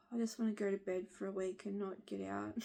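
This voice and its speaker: Husky, gravelly woman venting. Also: medium pitch, dark tone. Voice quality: husky smoker-like voice. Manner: frustrated, blunt, swears. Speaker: vlogger. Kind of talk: venting to camera.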